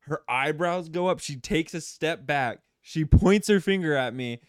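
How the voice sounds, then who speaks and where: A young man hosting a podcast, telling stories in a lively, casual way and laughing easily. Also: a little high, unhurried, clean tone, no echo, studio quality. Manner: animated storyteller, laughs easily. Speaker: podcast host. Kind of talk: casual chat.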